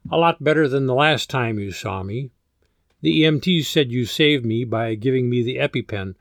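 Casting: man putting on a coquettish middle-aged woman in a storybook, pitched up a little, coy, dry close sound. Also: normal speed, creaky, fairly bright tone, dry recording.

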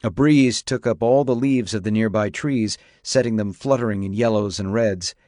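A man's voice: lowish voice, dry recording. Man narrating an audiobook, dry and close. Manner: even, measured storytelling. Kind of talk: scripted narration.

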